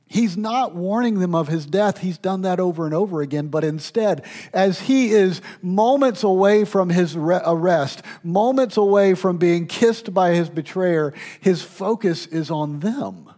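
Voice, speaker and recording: A man delivers a sermon in a slightly higher-than-usual voice. He swings between loud, emphatic stretches and hushed, intimate passages. He sometimes restarts a phrase or fills with an "uh" mid-thought. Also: measured pace, hardly any pauses. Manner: speaks with restarts and fillers. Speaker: pastor.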